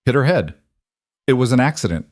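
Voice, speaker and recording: A man voicing a desperate older male ranch bookkeeper who pleads, his voice rising higher than the narration. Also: very animated, fairly quick, no echo, clean studio sound, lightly acted.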